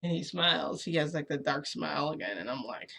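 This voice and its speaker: A woman vlogger chatting casually through a long personal story, rambling with lots of "like" and quick giggles. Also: deep voice, lively intonation, vocal fry, pushed and bright, a little hiss or hum.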